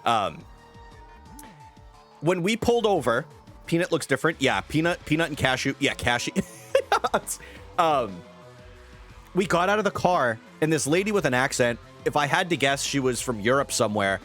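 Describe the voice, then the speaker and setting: A man's voice: medium pitch, very animated, moderate pace, pauses often, fairly bright tone, faint music behind. A young man chatting casually on a live stream, greeting viewers and rambling with fillers.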